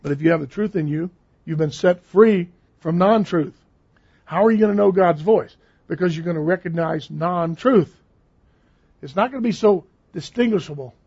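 A man's voice: high voice, normal speed, a little mellow, breathy edge. A man preaching a sermon in a conversational, emphatic way, repeating phrases for stress. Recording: dull lo-fi recording.

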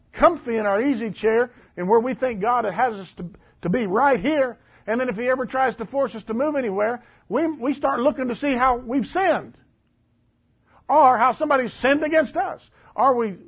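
A man with a high, husky voice preaches a Bible lesson in a folksy, conversational way, putting questions to his listeners. The recording is dull and lo-fi. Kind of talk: Bible teaching sermon.

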